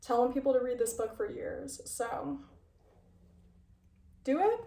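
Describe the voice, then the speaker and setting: A woman's voice: sits high, animated, unhurried, mellow, distant mic. A young woman talking casually in a video essay and reading passages aloud. She chats and interrupts herself with playful asides, and she sounds a little out of breath. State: slightly out of breath. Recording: echoey room, voice a bit off-mic.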